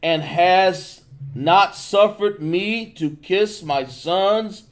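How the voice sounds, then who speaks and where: A man in a bible study reading verses aloud slowly and haltingly, in a loud raised voice. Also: high voice.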